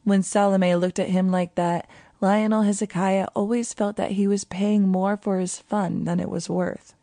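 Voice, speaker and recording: A woman reading a story aloud as an audiobook narrator, calm and even. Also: medium pitch, normal speed, dry recording. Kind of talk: scripted narration.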